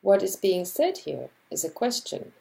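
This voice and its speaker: A woman lecturer talks unhurriedly in a warm, dark voice with lots of gravelly fry. Her pitch moves a great deal as she explains, and she voices example sentences along the way. The delivery is scripted and measured. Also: very animated, low-quality recording. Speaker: linguistics lecturer. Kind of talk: scripted educational narration.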